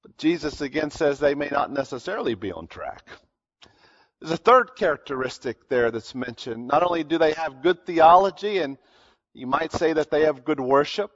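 High-voiced guy preaching, earnest teacher vibe, lots of uhs and restarts, dull lo-fi recording. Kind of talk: expository sermon.

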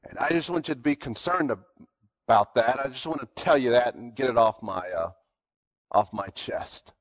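A man preaching a sermon. His delivery swings from hushed storytelling to loud, high emphatic peaks. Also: moderate pace. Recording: dull lo-fi sermon recording.

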